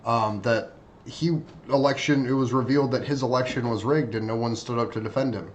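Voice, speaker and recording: A man's voice: medium pitch, fairly even intonation, fairly quick, muffled recording. A man in casual chat who speaks hesitantly and repeats his words.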